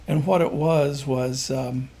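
A man in an interview, explaining folk music in a halting, rambling way and often restarting his sentences. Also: medium pitch, steady tone, mellow, slightly rough. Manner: halting, rambling, searches for words with many restarts.

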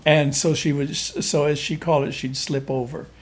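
A man with a fairly high speaking voice talks through music in an interview. He rambles and halts, restarting his sentences as he hunts for the right words. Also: level tone, husky. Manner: halting, rambling, searches for words with many restarts. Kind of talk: explaining folk music in an interview.

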